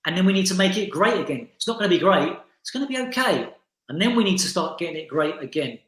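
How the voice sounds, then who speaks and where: Brief: frank, rallying male guest, high voice, echoey room on a call. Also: lively intonation, fast talker, a bit bright. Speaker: salon owner and educator, interview guest. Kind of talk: motivational interview talk. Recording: roomy echo.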